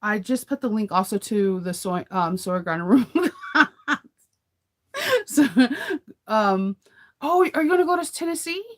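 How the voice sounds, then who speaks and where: A woman's voice: mid-range voice, animated, measured pace, pauses often. Chatty woman sewing host. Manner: rambling, chatty, laughs often. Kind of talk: casual live chat with viewers.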